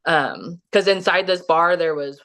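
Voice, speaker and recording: A woman's voice: on the low side, unhurried, a bit bright. A woman from the US Midwest, a podcast guest telling a story in a casual, rambling way, full of "like" and restarts. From Kansas City, Missouri, US. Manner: rambling, heavy use of "like" and restarts.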